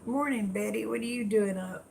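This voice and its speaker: A woman's voice: a little high, moderate pace, creaky, a little mellow, slight background noise. An older woman chatting with viewers on a late-night livestream, folksy and tired. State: tired, yawning. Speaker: livestream host.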